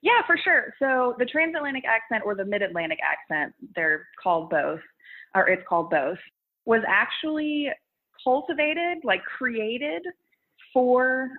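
A woman's voice: on the high side, lively intonation, unhurried. A young woman chatting in an interview about making videos, laughing often and restarting her thoughts. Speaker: guest, content creator. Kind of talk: casual interview chat. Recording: phone-like narrow sound.

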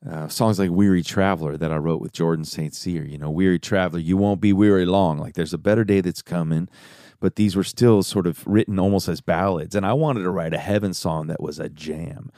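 A man's voice: deep voice, fairly quick, warm tone, dry recording, clean studio sound. A man hosting a podcast, answering a listener's message in an earnest, upbeat and reflective way. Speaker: podcast host and songwriter. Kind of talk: casual podcast talk.

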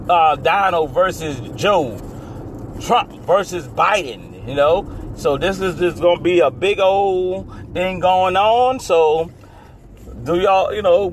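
A man's voice: on the high side, slight background noise. Man rambling on a solo podcast. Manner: rambling and repetitive, with restarts and stumbles; hypes the matchup like a fight announcer. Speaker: podcast host. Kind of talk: casual solo podcast monologue.

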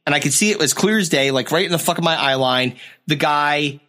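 A man's voice: a little high, fairly quick. A man in casual chat, telling a travel story with lots of swearing and acting out other people's voices. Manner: animated, profane, acts out other people's voices.

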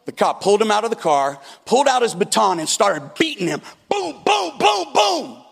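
Pastor, male, high and gravelly, storytelling sermon in a reverberant church hall. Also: very animated, fast talker. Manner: storytelling preacher, acts out quotes with big shifts.

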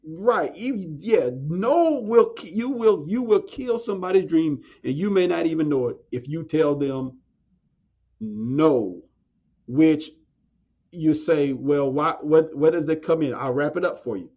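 A man, a podcast guest telling a story in a casual interview, animated, stammering and restarting, acting out quoted voices. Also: a little high, measured pace, breathy edge. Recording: dull lo-fi sound, faint music.

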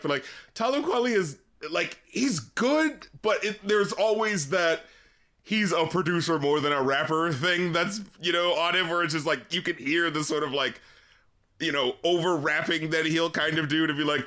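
A man with a fairly high, bright voice, talking loosely on a podcast. He rambles through fillers and restarts and laughs often. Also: moderate pace. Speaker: podcast co-host. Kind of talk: casual chat.

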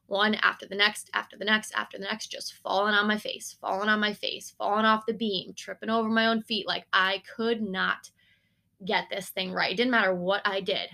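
A woman's voice: medium pitch, pushed and bright. A young woman hosting a podcast, telling a personal story in a candid, conversational way, with filler words and the odd swear. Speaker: podcast host. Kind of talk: casual storytelling monologue.

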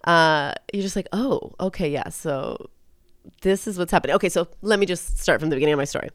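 A woman's voice: lowish voice, fairly quick, no room sound, clean studio sound. A woman in her forties co-hosting a podcast, telling a story in a chatty, laughing way that is full of swearing. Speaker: podcast co-host. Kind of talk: casual chat.

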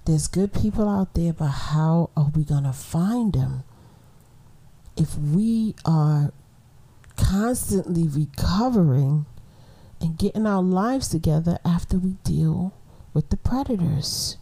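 A middle-aged woman from Brooklyn, telling a story in a casual podcast monologue, blunt and animated, laughing often. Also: lowish voice, slow, husky. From Brooklyn, New York. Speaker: podcast host.

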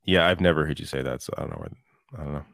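A man's voice: rumbling low, very animated, racing, gravelly, fairly bright tone, dry recording, clean studio sound. A man co-hosting a casual panel chat, talking hesitantly and stumbling over some words. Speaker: podcast co-host.

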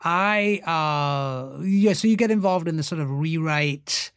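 A man's voice: on the high side, slow, smooth, dry recording, clean studio sound. A middle-aged actor guest in a casual interview, telling stories with lots of fillers and acting out the voices he quotes. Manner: animated, acts out quoted voices, many fillers.

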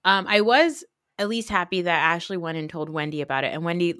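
Bright-voiced woman recapping reality TV. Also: lowish voice, brisk, no room sound, studio quality. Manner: animated, acts out quotes from the show. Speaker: podcast co-host. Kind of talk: casual reality TV recap chat.

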